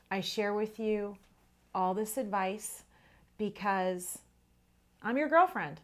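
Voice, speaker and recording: A middle-aged woman talks straight to her viewers as the host of her own vlog. She tells a personal story in a candid, conversational way, and her voice sits at an everyday, average pitch.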